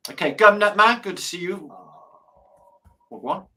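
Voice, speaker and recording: A man's voice: high voice, moderate pace, sharp tone. A man hosting a live stream, chatting casually, swearing freely and telling dad jokes. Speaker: livestream host.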